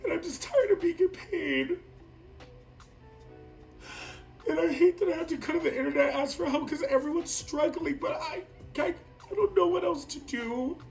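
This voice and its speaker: A woman's voice: extremely high pitch, fast, creaky, hardly any pauses, darkish tone, far from the mic, faint music behind, poor audio. A woman in a confessional social media video, talking in an emotional, rambling way with many fillers.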